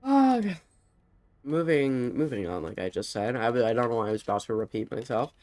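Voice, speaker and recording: A man's voice: mid-range voice, fairly quick. A young man commentating on his game, rambling and interrupting himself, short of breath. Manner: rambling, self-interrupting, animated. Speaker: gamer streamer. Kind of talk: casual gameplay commentary.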